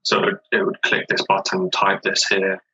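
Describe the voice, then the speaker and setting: A young man in his twenties, an automation developer, speaking in a measured, hesitant way with many fillers. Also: deep voice, big pitch swings, bright, forceful tone, highs cut off. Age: 20s. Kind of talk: casual webinar discussion.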